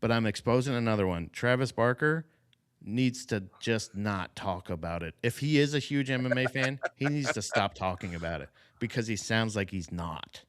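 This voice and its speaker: A man's voice: on the low side, normal speed. A man co-hosting a podcast, ranting casually with swearing and laughs. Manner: animated ranting, profane, laughs. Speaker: podcast co-host.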